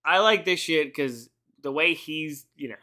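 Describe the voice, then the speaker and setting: Casting note: loose, tipsy, foul-mouthed podcast co-host with a bright, fairly high voice. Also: male voice, measured pace. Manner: profane, rambling, laughs a lot. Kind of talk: casual movie commentary chat.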